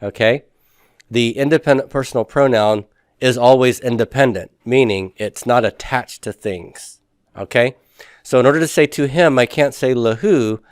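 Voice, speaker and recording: A man's voice: medium pitch, moderate pace, no room sound, studio quality. A man teaching a recorded review lesson, patiently asking questions and answering them himself.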